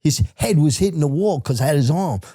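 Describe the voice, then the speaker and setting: Middle-aged male guest, mellow low tone, profane storyteller with a dead, dry sound. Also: lively intonation, fairly quick, dry recording. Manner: profane, acts out other people's shouted lines; rambling, repeats filler phrases. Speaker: podcast guest. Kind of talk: casual storytelling.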